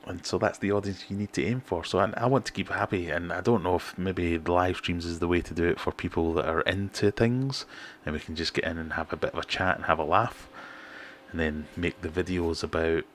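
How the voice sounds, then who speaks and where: A middle-aged British man hosting a relaxed livestream, chatting and reading out viewer comments in a self-deprecating way. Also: low-pitched, a little fast, slight background noise. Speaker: fishkeeping livestream host. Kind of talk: casual livestream chat.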